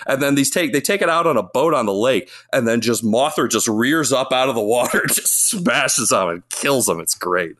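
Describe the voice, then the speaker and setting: Speaking at a normal speed in a mid-range, animated, somewhat bright voice, a man co-hosts a casual podcast, rambling eagerly about monster movies and acting out the lines.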